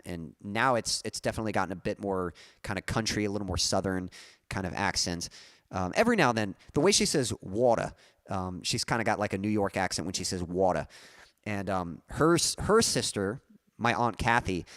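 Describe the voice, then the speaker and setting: On a music livestream, a man reads viewer comments aloud and answers them in a loose, rambling chat full of fillers and restarts. His voice is fairly low in pitch with a fairly bright tone, and the studio sound is clean, with no echo.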